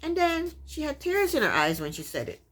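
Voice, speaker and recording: A woman's voice: high voice, huge pitch swings, a little fast, a bit bright. A woman giving a casual, opinionated recap of a reality TV episode, sassy and exasperated. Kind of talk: casual commentary.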